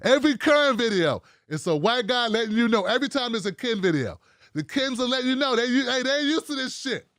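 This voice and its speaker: A male vlog host giving political commentary, profane and mocking. His voice sits high for a man and swings widely, and he speaks slowly with a dry, close sound. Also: sing-song, fairly bright tone, no room sound.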